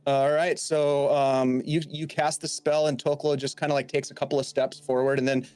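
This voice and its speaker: A man's voice: mid-range voice, level tone, moderate pace, darkish tone, smooth. A man running a tabletop game as game master, narrating in a rambling way with many fillers.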